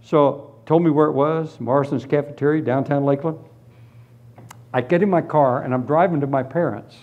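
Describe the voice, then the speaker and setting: A man telling his conversion story as a sermon, with lively storytelling that moves from hushed tones to shouted praise. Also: a little high, normal speed, narrow, tinny audio. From Florida, US. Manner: animated storytelling, drops to hushed tones then bursts into shouts. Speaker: preacher giving testimony. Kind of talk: testimony sermon.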